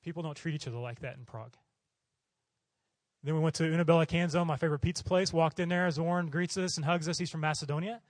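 His voice a little high and his pace quick, a middle-aged missionary preacher from Oklahoma gives a storytelling sermon with no room sound. He's animated, taking on the voices of the people in his stories.

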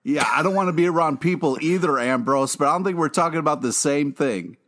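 A man's voice: fairly high pitch, fairly quick, fairly bright tone. A man co-hosting a podcast in casual chat, emphatic and playfully dramatic. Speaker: podcast co-host.

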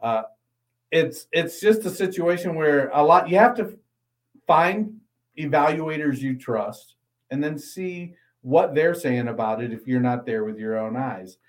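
A man's voice: fairly high pitch, poor audio. Man co-hosting a football podcast. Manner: reads ad copy briskly, then analyzes steadily. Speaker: podcast co-host. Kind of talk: casual football podcast talk.

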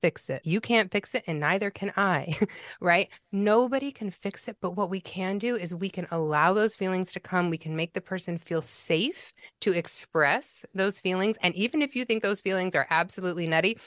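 A woman grief counselor talking as a podcast guest, animated and acting out what people say. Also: fairly low pitch, normal speed, dry recording, studio quality. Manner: warm, animated, acts out quoted speech. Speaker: pet loss grief counselor.

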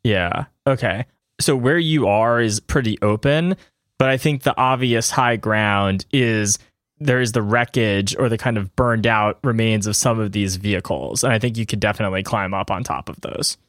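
A man's voice: lowish voice, normal speed, a bit bright, no echo, clean studio sound. A man narrating a tabletop game as game master. He describes scenes in a loose, hedging way, saying "I think" and "kind of" a lot.

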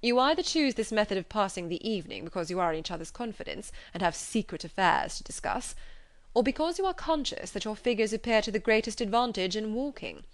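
A woman voicing a proud, reserved gentleman who speaks in a measured, formal way. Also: mid-range voice, lively intonation, close to an everyday voice. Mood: grave.

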